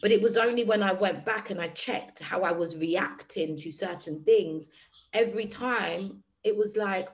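A woman's voice: medium pitch, normal speed, low-quality recording. A woman hosting a group session, speaking candidly and addressing the group directly in casual talk. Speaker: workshop host.

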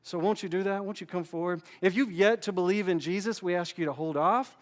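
High-voiced pastor preaching casually. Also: male voice, brisk. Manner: conversational, repeats words when restarting. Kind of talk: sermon.

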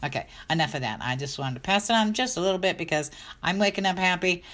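A woman's voice: lowish voice, fast, fairly bright tone. A middle-aged woman, a dog health coach, talking in a chatty, upbeat, rambling way. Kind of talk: casual vlog talk.

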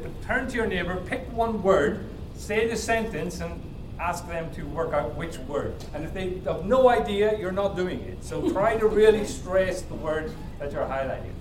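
An Irish man leading an interactive workshop in a large hall, teaching with lively demonstrations of emphasis and tone. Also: on the high side. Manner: energetic, demonstrates with exaggerated emphasis. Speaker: workshop presenter. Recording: echoey hall, mic far off, crowd noise.

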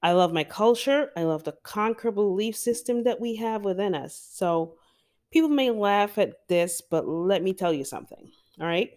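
A woman with a Jamaican accent gives a motivational podcast talk. She speaks to her listeners directly, with emphasis and encouragement, in a voice of middle pitch. She sounds close to a podcast microphone. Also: animated, normal speed, darkish tone. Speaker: podcast host.

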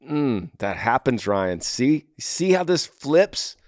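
A man's voice: mid-range voice, very animated, slow, dry recording, clean studio sound. A man hosting an advice show, reading listener emails and talking them through earnestly, often acting out what listeners say. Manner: earnest, acts out listeners' worries in voices.

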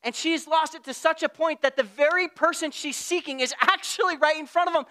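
A man preaching a sermon in a conversational way, at times getting loud and at times dropping to a hush. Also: very high-pitched, fairly quick, hardly any pauses. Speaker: pastor.

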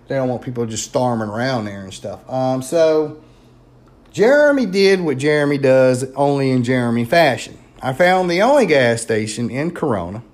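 A man with a Louisiana accent tells a story in a loose, animated way. He fills his talk with "um" and "you know." His voice sits at an ordinary middle pitch. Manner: chatty and animated, many fillers. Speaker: paranormal investigator. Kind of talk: casual storytelling.

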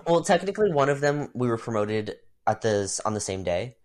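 Young male podcast co-host, mid-pitched, lively casual storyteller who laughs a lot and squeaks up for quoted lines. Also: normal speed. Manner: animated storytelling, jumps into high-pitched voices for quotes; laughs often. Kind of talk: casual chat.

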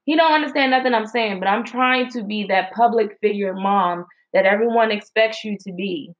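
A young woman telling a story to her viewers, chatty and animated, with slang and lots of fillers. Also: mid-range voice, normal speed. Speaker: mom vlogger. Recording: slightly dull lo-fi audio.

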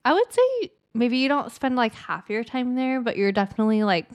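A woman with a smooth, clear voice co-hosts a relaxed podcast chat. She keeps the talk going with friendly questions, trailing off with "like" and "um." Her voice sits close and dry on the mic. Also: fairly high pitch, a little fast, no room sound. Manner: friendly prompting, steering the talk with fillers. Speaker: podcast co-host. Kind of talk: casual chat.

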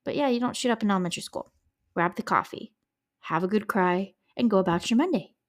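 A woman's voice: mid-range voice, animated, fast. A woman hosting a true-crime podcast, telling a case in a chatty, emotional way with frank asides and the odd curse. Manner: chatty, emotional asides, swears when upset. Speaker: podcast host.

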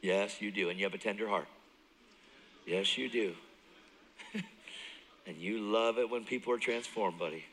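Male guest preacher with a bright, forceful voice, animated testimony with loud bursts and hushed asides. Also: on the low side, moderate pace, pauses often, long reverb tail, slight background noise, rough recording. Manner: animated storytelling, jumps between loud and hushed; laughs often, talks straight to the crowd. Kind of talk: sermon, personal testimony. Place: church service.

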